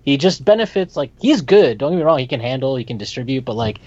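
A man's voice: medium pitch, sing-song, fast talker, a little mellow, no room sound. A man co-hosting a casual sports talk show, blunt and emphatic, getting fired up as he argues. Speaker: podcast co-host. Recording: dull lo-fi sound.

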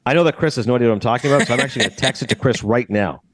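A man's voice: mid-range voice, rapid-fire, no room sound. A man hosting a podcast, chatting casually about a movie and acting out characters' lines. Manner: animated, acts out characters' lines. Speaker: podcast host. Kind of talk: casual movie review chat.

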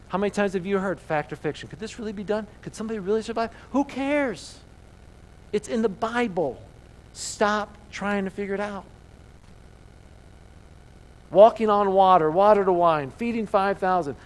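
Preaching to his congregation in a high voice, a pastor talks emphatically and repeatedly fires off rhetorical questions. The church service is captured in a low-quality recording.

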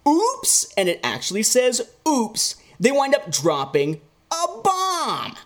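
A man co-hosting a casual comic review chat, animated and quick to mock what he reads. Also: high voice. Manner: animated, slips into goofy mocking voices. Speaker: podcast co-host reviewing comics.

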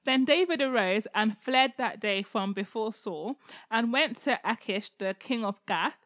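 Brief: higher-voiced woman, animated and laughing as she riffs on scripture; close, dry sound. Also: measured pace, dry recording. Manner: animated, laughs often, breaks into playful voices. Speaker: podcast co-host. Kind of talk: casual chat reading and joking about Bible passages.

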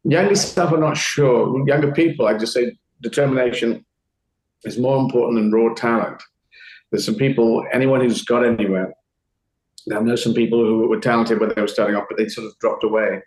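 A man's voice: mid-range voice, fairly even intonation, a little fast, darkish tone, reverberant, poor audio. A man talking casually as an interview guest, rambling and acting out quoted voices. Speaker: comedian guest.

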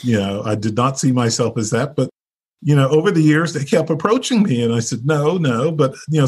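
This man from North Carolina is a nurse leader appearing as a guest in a casual interview, telling his story in a chatty way with plenty of fillers and laughter. His voice is medium-pitched and darkish, with a breathy edge.

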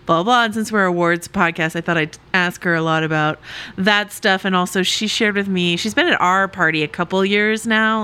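A woman co-hosts an awards podcast, talking with eager enthusiasm. Her voice is bright and forward yet sits a little low. She chats freely with filler words. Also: clear, resonant tone. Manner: enthusiastic, chatty. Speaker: podcast host. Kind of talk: casual podcast chat.

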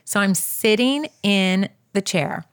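A woman telling a personal story in a casual, animated way, talking straight to her listeners and skipping details with quick filler. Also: mid-range voice, smooth. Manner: animated, addresses listeners as "you guys"; fills gaps with "da, da, da".

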